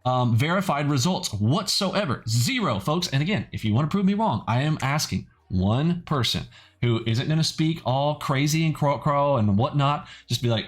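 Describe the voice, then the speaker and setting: A man's voice: a little high, big pitch swings, normal speed. A man hosting a trading channel in a casual, blunt and skeptical way, often adding "okay" as he talks. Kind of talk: casual video commentary.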